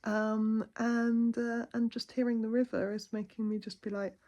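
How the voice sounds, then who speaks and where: A woman chatting softly to camera in her lounge at night, heartfelt and rambling. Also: on the high side, flat delivery, moderate pace, hardly any pauses. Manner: soft-spoken, heartfelt, rambling. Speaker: vlogger. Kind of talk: casual chat to camera.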